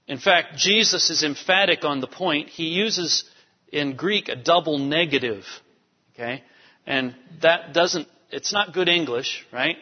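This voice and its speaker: Male pastor, high voice, emphatic sermon delivery; dull, echoey church-hall sound. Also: moderate pace. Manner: animated, emphatic preaching with asides to the congregation.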